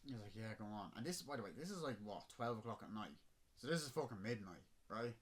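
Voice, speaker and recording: A man's voice: fairly low pitch, expressive, fast. A man with an Irish accent telling a long, rambling story on a casual podcast. He swears freely and laughs at his own tale. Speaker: podcast host.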